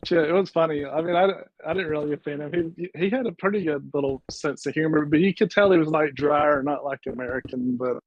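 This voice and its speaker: A man's voice: fairly high pitch, steady tone, fast, few pauses, no room sound, lo-fi sound. Laughing, rambling man, dry sound. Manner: laughing, rambling storyteller with fillers. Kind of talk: casual chat.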